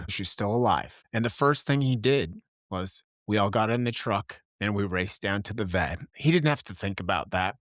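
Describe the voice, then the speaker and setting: A man's voice: medium pitch, animated, a little fast, a bit bright, dry recording, studio quality. A middle-aged man from Wyoming hosting a late-night show, telling personal stories in an earnest, impassioned monologue. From Wyoming, USA. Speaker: podcast host.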